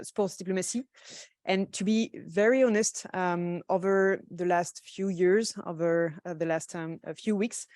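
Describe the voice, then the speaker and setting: A woman with a Northern Irish accent opening a conference round table, speaking haltingly with many filler sounds. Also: on the low side, a little mellow, smooth, dry recording, studio quality. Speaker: conference moderator. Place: conference room.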